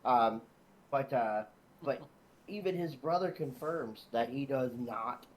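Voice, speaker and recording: A man's voice: mid-range voice, takes it slowly, rough recording. A man chatting casually, telling jokey stories and chuckling as he goes. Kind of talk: casual chat.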